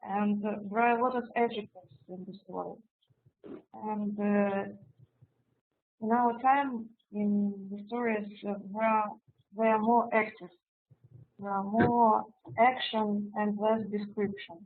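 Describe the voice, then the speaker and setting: A woman student, native Russian speaker, answering hesitantly in English in an online lesson, with many pauses. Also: medium pitch, fairly even intonation. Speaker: language student. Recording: tinny phone-like online call.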